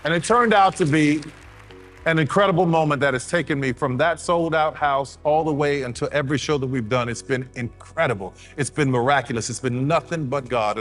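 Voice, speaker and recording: A man's voice: mid-range voice, fairly bright tone. A man giving a motivational speech in a storytelling, sermon-like way, repeating key words for emphasis. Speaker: motivational speaker.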